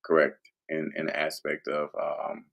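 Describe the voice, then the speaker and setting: A man's voice: extremely low pitch, completely flat delivery, measured pace, creaky, a bit bright. A man hosting a livestream, talking to his viewers in a loose, rambling, profane casual monologue. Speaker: livestream host.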